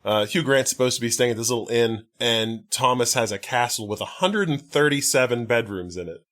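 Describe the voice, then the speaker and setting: A man's voice: mid-range voice, brisk, fairly bright tone. A man hosting a podcast, casually retelling a film's plot with many restarts and filler words. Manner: rambling recap, many likes and restarts. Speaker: podcast host. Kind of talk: casual movie recap chat.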